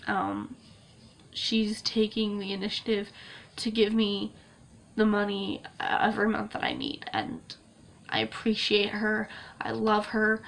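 A woman's voice: medium pitch, animated, a little slow. A young woman vlogging to camera in a casual, gushing way, laughing often and tearing up. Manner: emotional, gushing, laughs often, many fillers. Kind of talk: casual vlog talk to camera.

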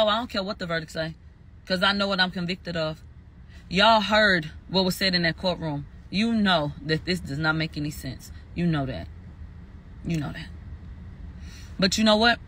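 A man with a high-pitched, bright voice and a forceful tone. He's a commentator recounting a court verdict in a heated spoken recap, emphatic and profane, repeating phrases for stress.

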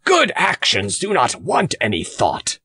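Man doing blustering older farmer, emphatic, swooping pitch, storybook, dry close mic. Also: huge pitch swings, unhurried, slightly rough, no room sound, full character voice. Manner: loud, emphatic, roaring.

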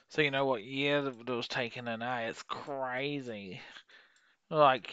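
A young man giving rambling, sweary commentary while playing a geography game, with sudden excited outbursts. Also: mid-range voice, clear, resonant tone, dry recording, lo-fi sound. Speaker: gaming YouTuber. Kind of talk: casual gameplay commentary.

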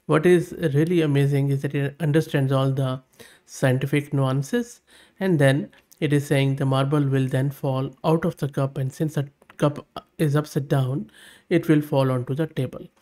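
A man at a middle pitch talks through a screen-recorded tutorial. He narrates each step as he goes and reads his prompts and the results aloud. His verdicts come out upbeat and plain-spoken. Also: steady tone, moderate pace, a little mellow. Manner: thinks aloud while testing, reads prompts and outputs aloud. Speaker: tech channel host.

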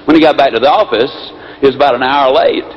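A man giving a motivational speech, telling stories in an animated, folksy way, on a dull lo-fi recording with faint hiss. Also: medium pitch, fast talker. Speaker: motivational speaker.

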